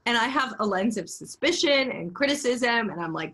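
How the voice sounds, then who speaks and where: A woman's voice: a little high, lively intonation, a little fast, few pauses, a bit bright. A woman co-hosting a podcast, talking in a thoughtful, earnest way with many fillers. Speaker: podcast co-host. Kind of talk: casual reflective podcast chat.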